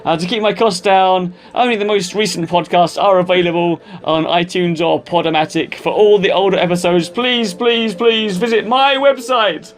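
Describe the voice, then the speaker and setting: A man's voice: high voice, normal speed, few pauses. A man hosting a podcast interview, chatting casually and rambling with self-deprecating asides. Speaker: podcast host.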